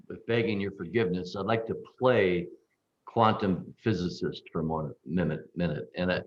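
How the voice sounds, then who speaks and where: A man offers an unhurried, playful reflection on a community call, stressing key words as he builds his point. His voice sits low. The call audio is dull and lo-fi. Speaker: call participant. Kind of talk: reflective talk on a group call.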